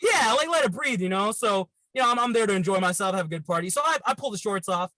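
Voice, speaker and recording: A man's voice: high voice, fast talker, no room sound, low-quality recording. A man in his thirties, a comedian guest telling a wild, profane party story in casual chat. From Canada. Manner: animated, profane, rambling anecdotes.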